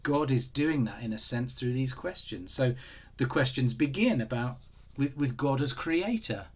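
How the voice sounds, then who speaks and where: A man preaching a sermon, animated, acting out the voices in the story. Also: medium pitch, normal speed, breathy edge. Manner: animated, acts out voices of God and Job.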